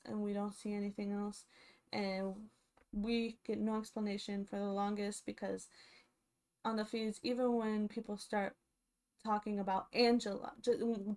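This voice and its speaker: A young woman giving casual, animated commentary as a reality show vlogger, chatty and full of fillers. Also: on the high side.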